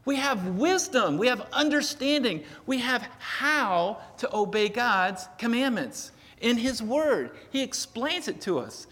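A man's voice: very high voice, sing-song, measured pace, few pauses, pushed and bright, big-room sound. A man preaching a sermon in a casual storytelling way, with self-deprecating humor. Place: church sanctuary.

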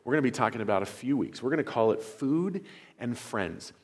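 In the church sanctuary, with long hall reverb, a man addresses his congregation as pastor. His medium-pitched voice is animated and fairly quick with a breathy edge, and he shares announcements in an earnest, conversational, enthusiastic way.

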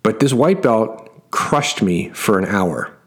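A man's voice: lowish voice, animated, takes it slowly. A middle-aged man coaching his clients through a casual story, emphatic and repeating words for effect.

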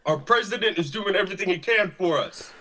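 A man's voice: sits high, a little fast, pushed and bright. A man playing a stiff, robotic gym salesman who talks like a drill sergeant and keeps repeating slogans. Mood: stiff salesy. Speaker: gym caller.

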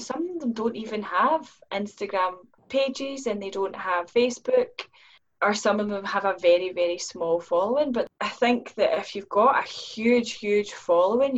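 A woman's voice: mid-range voice, lo-fi sound. A woman, a business owner, speaking earnestly as a podcast guest and acting out her own inner questions in livelier voices. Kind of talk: podcast conversation.

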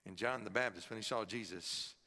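A man's voice: lowish voice, fairly quick, creaky, bright, forceful tone, long reverb tail. A man preaching a sermon to a congregation in a church, with emphatic stress on key words. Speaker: pastor. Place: church sanctuary, also filmed. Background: congregation present.

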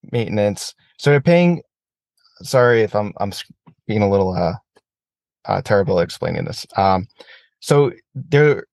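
A man's voice: lowish voice, dry recording. A man talking casually about aerobatic flying, swearing freely and ranting when heated. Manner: profane, animated rants. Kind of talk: casual chat.

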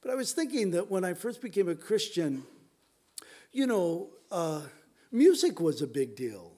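A man's voice: high voice, sing-song, a little slow, dark tone. A middle-aged man preaching a sermon in a conversational way, often restarting and talking straight to his congregation. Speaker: pastor.

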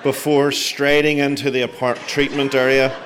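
A man telling a comic personal story with dry, self-mocking, deadpan asides. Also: mid-range voice, normal speed, a little hiss or hum.

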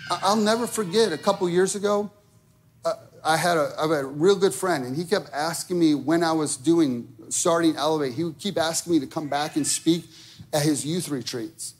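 A man's voice: fairly high pitch, normal speed, slightly rough. A man preaching a sermon, conversational and direct, checking in with the listeners often. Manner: conversational preaching with frequent okay and right. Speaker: pastor.

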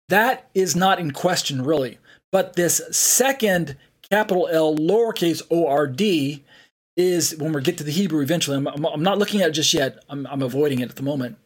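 Man teaching Bible study, halting reader. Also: on the high side. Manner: reads aloud with frequent fillers and restarts. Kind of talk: online Bible study lecture.

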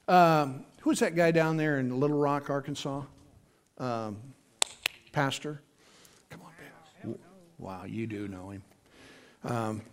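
A man preaching to his congregation in a high, light voice. He talks casually and acts out the voices he quotes. Now and then he breaks into sudden loud bursts. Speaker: pastor. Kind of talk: sermon.

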